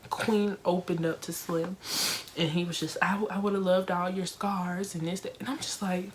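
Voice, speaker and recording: A young woman casually reviewing a film for her viewers, talking in an emotional, expressive way with lots of fillers. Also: fairly low pitch, normal speed, heavy background noise.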